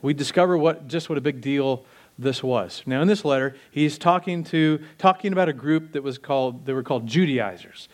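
A man preaching a sermon in a conversational, animated way, acting out quotes as he teaches. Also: medium pitch, moderate pace. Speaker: pastor.

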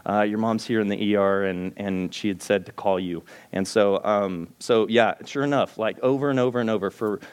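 A man's voice: on the low side, fairly even intonation, normal speed, hardly any pauses, clear, resonant tone. A man preaching to his congregation in an earnest, storytelling way, acting out his own prayers and often restarting his sentences. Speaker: pastor. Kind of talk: sermon. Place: church sanctuary before a congregation.

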